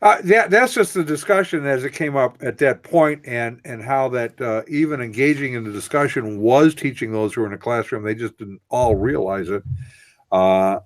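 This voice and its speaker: A man's voice: medium pitch, normal speed, no room sound. Man, mid-range voice, earnest talk-radio co-host, long patient explanations, dry close mic. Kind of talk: casual radio discussion.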